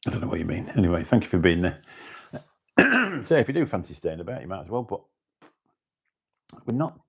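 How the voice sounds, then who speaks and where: A man's voice: low-pitched, husky. A British man hosting a livestream, chatting casually and rambling as he greets viewers in the chat. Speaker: livestream host.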